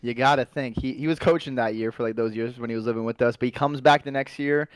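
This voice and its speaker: A man's voice: mid-range voice, steady tone, quick pace, clear, resonant tone, no echo. A man co-hosting an esports podcast in casual chat, talking in a loose, rambling way.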